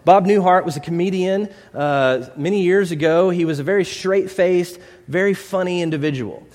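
A man's voice: high voice, normal speed, darkish tone. A man preaching a conversational sermon, asking rhetorical questions and telling stories. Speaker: pastor. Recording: long hall reverb.

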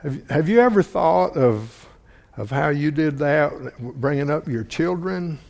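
A man preaching a sermon, halting and repeating words often, asking his listeners questions. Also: fairly high pitch, lively intonation, vocal fry, a little mellow. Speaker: preacher or Bible teacher. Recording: long hall reverb.

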